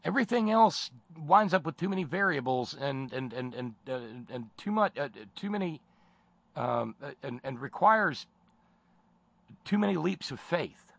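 A man's voice: a little high, animated, normal speed, fairly bright tone, no room sound. A man hosting a political commentary show, sardonic and rambling in his delivery. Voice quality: gravelly. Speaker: host.

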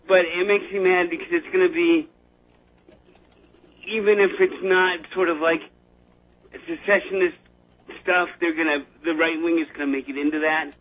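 A man with a slightly high voice talks through a political gripe in a rambling, halting way, stumbling over his words and laughing nervously. His voice comes through thin and tinny, like a phone line. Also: a little hiss or hum. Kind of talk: casual political chat.

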